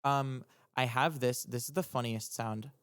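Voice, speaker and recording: A young man, a music producer, talking casually on a livestream as he breaks down his own track, rambling and halting with lots of ums, restarts and casual swearing. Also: medium pitch, background noise. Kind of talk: casual explanatory livestream talk.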